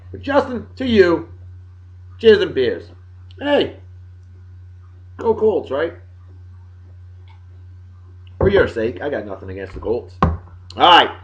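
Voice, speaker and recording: A man hosting a casual video blog, giving jokey shout-outs to friends in a boisterous way that swings between loud and soft. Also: lowish voice. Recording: dull lo-fi sound.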